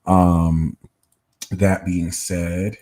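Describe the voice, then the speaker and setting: A man with a very low voice hosts a live tarot reading. He talks in a loose, conversational way and breaks off now and then to thank and answer his viewers. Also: flat delivery, very slow, dark tone. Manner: casual, chats with viewers between readings. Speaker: tarot reader and host.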